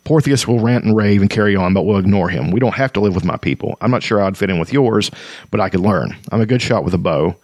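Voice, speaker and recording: A man's voice: fairly low pitch, fast, a little mellow, no room sound, natural voice. A man reading the lines of a young male elf lord from a fantasy novel, tender and plain.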